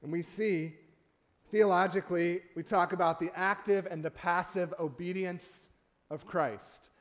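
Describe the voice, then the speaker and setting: Male pastor, slightly high voice, conversational sermon with frequent asides to the congregation. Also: steady tone, measured pace. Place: church sanctuary.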